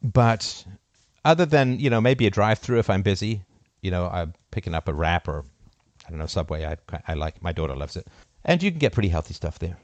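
Emphatic middle-aged man, lively and low. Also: brisk, dry recording, muffled recording. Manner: emphatic, swings from loud rising peaks to low muttered asides. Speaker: host of a call-in show. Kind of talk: impassioned monologue.

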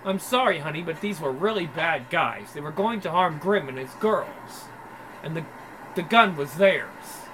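A man voicing a big, soft-spoken older male preacher who talks gently and pleadingly. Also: a little high, expressive, measured pace, noisy background. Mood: apologetic.

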